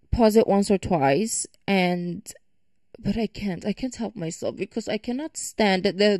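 A woman's voice: mid-range voice, mellow, no echo, studio quality. Exasperated woman ranting on a reaction video. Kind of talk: casual reaction commentary.

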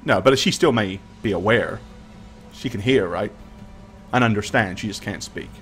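A man's voice: lowish voice, moderate pace, a bit bright, a little hiss or hum. A man narrating as game master of a tabletop game, with rambling, filler-heavy speech.

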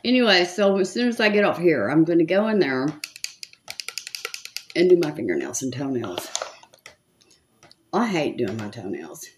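A woman's voice: low-pitched, big pitch swings, moderate pace, pauses often, a little hiss or hum. A woman in her seventies doing her makeup on camera, chatting to her viewers and muttering to herself as she works. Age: 70s. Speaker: makeup vlogger. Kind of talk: casual chat while doing makeup.

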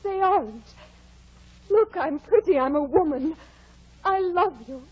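A desperate young wife, high-pitched, pleading, dull 1940s radio sound. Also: female voice, animated, a little slow. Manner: weary, then pleading and shrill. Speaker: Isabella.

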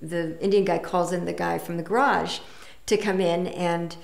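Woman storyteller, low voice with a gravelly edge, reflective and unhurried, echoey room. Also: steady tone. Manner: unhurried, reflective, with fillers and restarts. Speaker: meditation teacher. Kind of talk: personal storytelling.

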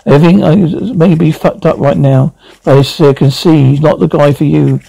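A man's voice: a little high, steady tone, moderate pace, gravelly, dark tone, no room sound, low-quality recording. A man voicing a weary, sardonic male writer who talks in a wry, self-mocking way and swears freely, in an amateur radio-drama reading. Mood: pleading.

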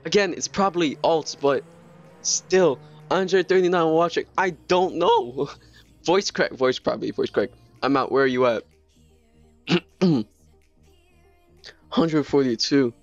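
A man talks through his game live, rambling and repeating himself in excited bursts at a middling pitch. His voice comes through a dull, lo-fi stream mic. Faint game music plays underneath. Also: no echo. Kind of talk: casual live gameplay commentary.

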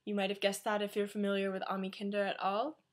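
A woman's voice: mid-range voice, completely flat delivery, quick pace. A seventeen-year-old girl from New York with an American accent, chatting to her computer camera at home in a rambling, self-deprecating way. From New York, USA. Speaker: vlogger, exchange student. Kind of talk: casual talking-to-camera vlog. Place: home, indoors. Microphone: computer webcam.

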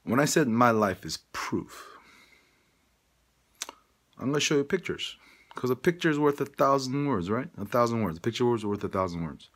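A man's voice: medium pitch, expressive, normal speed, long pauses, a bit bright. A man talking straight to his audience in a rambling, profane, emphatic monologue. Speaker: vlogger.

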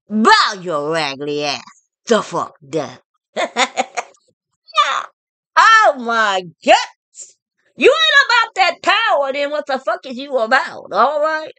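A woman's voice: high-pitched, bright, forceful tone, no room sound. A woman delivering a profane, preachy rant to her viewers. She taunts, keeps asking "all right?", and often breaks into laughter. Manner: repeats "all right?" to address listeners. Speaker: online commentator. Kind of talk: profane ranting monologue.

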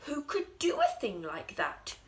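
A humble old shoemaker from a storybook, marvelling at each surprise, as a woman puts him on. His voice is high and full of wonder. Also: huge pitch swings, unhurried. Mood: amazed. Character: poor, amazed old male shoemaker.

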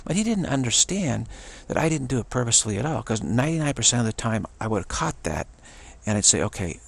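A man's voice: medium pitch, very animated, fast talker, gravelly, breathy edge. A man giving a solo spoken commentary, rambling earnestly and often repeating and restarting his phrases. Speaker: channel host.

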